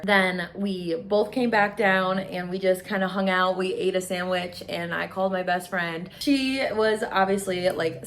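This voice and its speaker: Gushing young woman vlogger. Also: mid-range voice. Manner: gushing, emotional, chatty. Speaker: beauty vlogger. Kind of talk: casual storytime chat.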